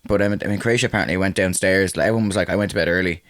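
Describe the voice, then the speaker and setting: A man with an Irish accent, a podcast co-host who tells stories with lots of laughter and quick jokes. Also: deep voice, a bit bright. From Ireland. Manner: fast, laughing storyteller, chips in with jokes. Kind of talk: casual comedic chat.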